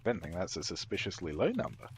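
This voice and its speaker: A man's voice: sits low, wildly swooping pitch, fast talker, creaky, a little hiss or hum. A man playing a tabletop game, talking in character in a dry, blunt way. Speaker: player. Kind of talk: in-character tabletop role-play.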